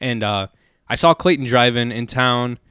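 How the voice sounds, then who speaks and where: Relaxed young man telling stories. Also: mid-range voice, normal speed, clean tone, no room sound, studio quality. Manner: loose, profane, rambling storyteller. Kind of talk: casual storytelling chat.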